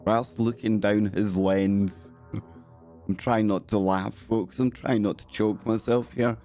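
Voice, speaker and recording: A man's voice: fairly low pitch, fairly even intonation, slow pace, warm tone, soft background music. A man hosting a live stream, reading odd news stories in a cheeky, joking way and often breaking into laughter.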